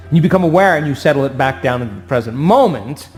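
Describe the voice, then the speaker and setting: A man giving an animated motivational talk to an audience, acting out voices and asking for agreement. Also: medium pitch, quick pace, faint music behind. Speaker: speaker.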